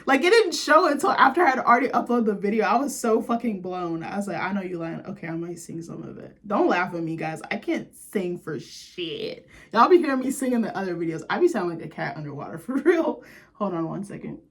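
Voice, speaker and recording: A woman's voice: mid-range voice, lively intonation, a little fast. A young woman vlogger, chatting in a gushing, chatty way and full of "like". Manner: gushing, chatty, lots of "like", laughs. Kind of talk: casual chat to camera.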